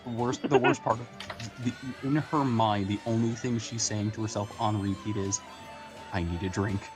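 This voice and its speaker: A man's voice: on the low side, fairly even intonation, normal speed, music in the background. Male player narrating asides. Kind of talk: tabletop role-play chat.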